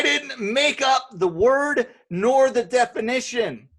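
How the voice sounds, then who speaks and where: A man's voice: extremely high pitch, animated, slow pace, hardly any pauses, a bit bright. A man hosting a podcast in casual chat, blunt and profane in his rants. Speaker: podcast host.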